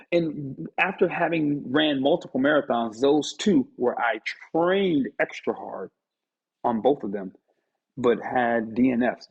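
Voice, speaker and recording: A man with a medium, slightly rough voice gives a motivational talk straight to camera, mixing preachiness with playful teasing of his listeners. The recording is lo-fi and dull.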